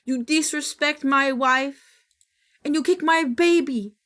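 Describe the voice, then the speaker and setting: Woman doing an overdramatic, offended man in a mock Italian accent; raised, loud, wounded. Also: high voice, takes it slowly, voice pushed up. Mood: indignant.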